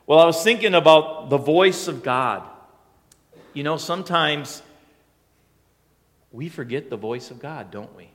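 Conversational pastor in an echoing hall. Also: male voice, fairly high pitch, expressive, measured pace, pauses often. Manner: conversational storytelling, rising to emphatic. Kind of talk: sermon.

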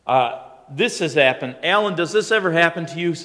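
A man preaching a sermon in a fairly high, conversational voice. He talks like he is telling a story, then leans hard into his main points. The sound carries the long reverb of a large church hall. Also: expressive, a little fast, sharp tone. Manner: conversational storytelling, rising to emphatic. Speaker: pastor.

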